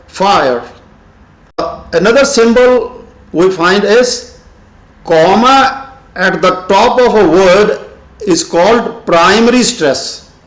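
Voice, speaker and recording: An older man walks through English pronunciation at an unhurried, careful pace, pausing often to find his words. His voice sits fairly high, and the recording has a roomy echo around it. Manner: slow and deliberate, with frequent "uh" pauses. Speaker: English teacher. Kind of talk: pronunciation lesson. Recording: echoey room.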